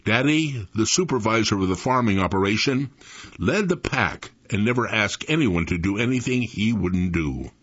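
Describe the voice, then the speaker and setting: A man in his eighties reading his own memoir aloud in an expressive storytelling manner. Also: fairly low pitch, moderate pace, breathy edge. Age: 80s. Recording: dull lo-fi recording.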